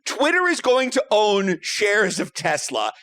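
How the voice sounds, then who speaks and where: A man chatting casually as a podcast panelist, animated and emphatic, swearing freely. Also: high-pitched, measured pace.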